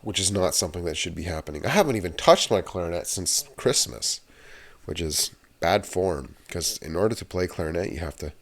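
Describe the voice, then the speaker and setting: A man's voice: low-pitched, expressive, brisk. A man hosting his own channel, talking in a loose, meandering rant that drifts from one tangent to the next. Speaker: channel host. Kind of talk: casual rambling rant to camera.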